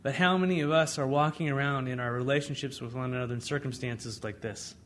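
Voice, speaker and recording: A man preaching a sermon as pastor, in a conversational way, swinging between loud emphasis and hushed asides. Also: mid-range voice, fast, a little hiss or hum.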